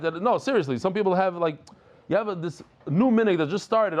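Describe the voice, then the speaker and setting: A man giving a lively Daf Yomi Talmud lesson, dropping Hebrew and Yiddish terms and repeating words as he pushes a point. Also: sits high, brisk, muffled recording. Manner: repeats and restarts words, jokes with listeners.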